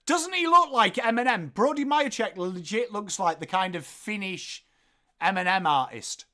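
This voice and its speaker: An English man hosting a live football watchalong, calling the play and joking with chat viewers in an excitable, playful way. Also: high voice, moderate pace. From England. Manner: excitable, jokey, bursts into loud calls of the play. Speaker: watchalong host.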